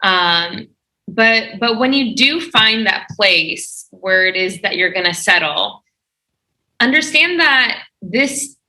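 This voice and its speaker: A woman's voice: mid-range voice, animated, slow pace, sharp tone, rough recording. A woman interviewed as a guest on a podcast, giving earnest, encouraging career advice.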